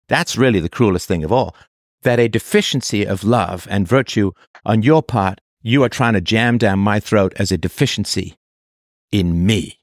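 A man's voice: on the low side, normal speed, no room sound, studio quality. A man hosting a call-in advice show, talking in an impassioned way and stacking emphatic lists.

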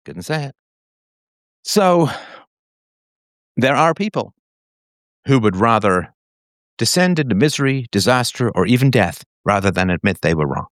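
A man's voice: medium pitch, animated, normal speed, long pauses, no echo, studio quality. A man giving a sarcastic, theatrical solo monologue to his audience. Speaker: commentator.

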